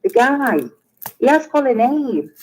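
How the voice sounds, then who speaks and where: A woman's voice: high voice, sing-song, unhurried, a little mellow, poor audio. A British woman with a British accent hosting a live stream, chatting casually and trailing off into restarts mid-sentence. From Britain. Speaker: livestream host. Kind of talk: casual chat.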